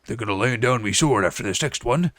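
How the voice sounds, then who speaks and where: An actor playing a weary seafaring sellsword in a video game, with rough, salty phrasing. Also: male voice, medium pitch, animated, a little fast, fairly bright tone, dry recording, clean studio sound, natural voice.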